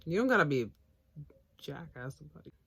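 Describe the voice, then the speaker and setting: A woman's voice: low voice, very animated, brisk, gravelly, a bit bright, slightly rough, no room sound. A woman chatting casually about an anime episode, rambling and blunt, swearing freely. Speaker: anime reviewer, co-host. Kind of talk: casual chat.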